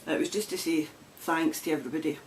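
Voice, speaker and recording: A woman's voice: low-pitched, fast talker, slight background noise. Chatty Glasgow woman with a broad accent. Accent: Glasgow Scottish. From Scotland. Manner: chatty, laughs often, rambling. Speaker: knitting podcast host. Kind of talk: casual chat to camera.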